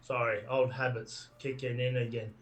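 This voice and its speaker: A man's voice: mid-range voice, flat delivery, normal speed. A man talking as a wrestler guest in a casual, jokey interview, swearing freely. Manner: jokey, swearing, puts on a French character voice.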